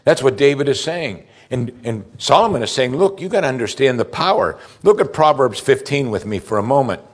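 A man's voice: medium pitch, animated, a little fast. Conversational male pastor preaching. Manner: conversational preaching, asks the congregation direct questions; repeats words when starting a thought. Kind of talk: sermon.

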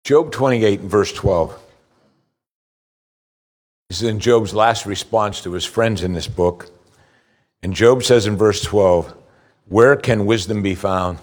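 In this sermon, a man reads scripture at a slow pace and presses his arguments with emphasis that climbs in pitch. He sounds earnest throughout.

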